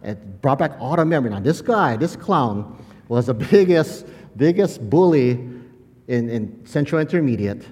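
Male pastor preaching in a sermon, lively storytelling then earnest, mid-pitched voice, long hall reverb. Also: moderate pace. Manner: animated storytelling, laughing often, then quiet and earnest.

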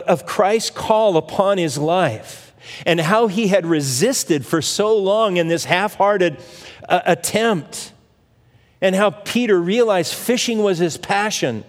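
A pastor preaching a sermon, retelling scripture stories and acting out the voices of the figures in them. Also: male voice, high-pitched, in a large hall. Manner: storytelling preacher who acts out the scripture voices.

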